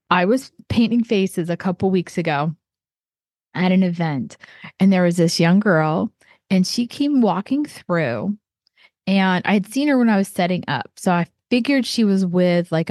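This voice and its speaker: A woman from southeastern Ohio speaks in a casual, heartfelt monologue, her voice sitting a little low. She rambles, circling back with fillers and restarts. The sound is close and dry, with no room around it. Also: animated, a little slow, a little mellow, no echo. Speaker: artist.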